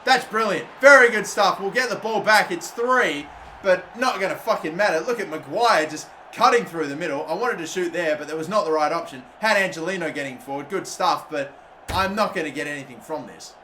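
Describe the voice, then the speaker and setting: High-voiced Australian man, exasperated gaming commentary. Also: fairly quick, a little hiss or hum. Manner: exasperated, swearing, animated outbursts. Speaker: gaming YouTuber. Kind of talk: gameplay commentary.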